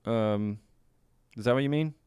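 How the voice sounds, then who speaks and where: A man's voice: mid-range voice, a little slow, darkish tone, clear, resonant tone, no room sound, studio quality. A man hosting a casual live stream, reading viewers' chat aloud, upbeat and laughing often.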